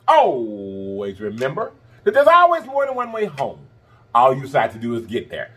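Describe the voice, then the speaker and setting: A man's voice: huge pitch swings, a little fast, sharp tone, husky. A man hosting an eating show, signing off to his viewers in a casual, effusive and affectionate way, blowing kisses and teasing them. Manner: playful and teasing, swinging up high. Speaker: mukbang host.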